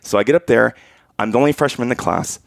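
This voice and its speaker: A man's voice: medium pitch, quick pace, gravelly, dry recording, clean studio sound. A man co-hosting a casual chat, telling personal stories animatedly and laughing often. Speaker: podcast co-host.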